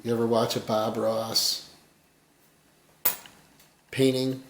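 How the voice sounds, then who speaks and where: A man giving a casual fly tying tutorial, rambling and folksy, his voice often dropping quiet as he works. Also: medium pitch, level tone, slow, echoey room, a little hiss or hum.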